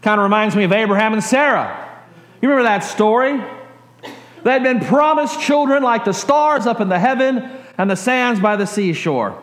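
A man's voice: high voice, moderate pace, a bit bright, echoey room. A man preaching a sermon, telling stories animatedly and acting out quotes with chuckles. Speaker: pastor.

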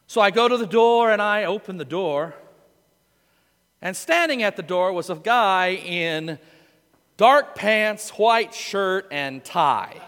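Male pastor, high and bright, folksy sermon storyteller in a reverberant hall. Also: slow. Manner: storytelling, folksy and animated, with quoted voices.

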